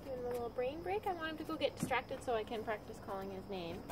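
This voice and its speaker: A woman dog trainer calmly explaining, step by step, how she trains a dog. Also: quick pace, noisy background. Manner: calm, practical explaining with frequent high-pitched praise to the dog.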